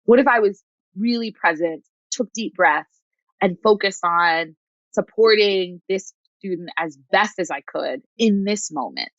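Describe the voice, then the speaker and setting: A woman hosting a podcast coaching session, speaking calmly and reflectively and often checking in with "right?". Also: mid-range voice, measured pace, dry recording, highs cut off. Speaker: host and coach.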